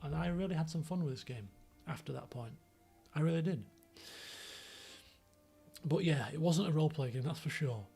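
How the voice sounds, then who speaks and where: Yorkshire man, streamer, raised pitch, gravelly, rambling casual chat, faint music under. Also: moderate pace, pauses often, mellow. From Yorkshire, England. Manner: rambling, many fillers and restarts.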